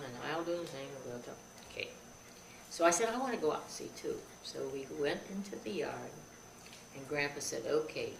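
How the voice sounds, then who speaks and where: An older woman recounts an old family story, slipping into the voices of the people she quotes. Her voice is a little gravelly and comes from a distance off the mic. The room rings around her, and there is steady noise on the tape. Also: sits low. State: frog in her throat, coughing. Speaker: interview guest. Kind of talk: storytelling, recalling childhood. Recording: roomy, distant, noisy 2001 tape.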